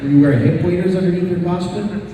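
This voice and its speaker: A man's voice: high-pitched, quick pace. A man moderating a convention panel, prompting a guest with friendly questions. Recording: echoey hall, far from mic. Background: crowd noise.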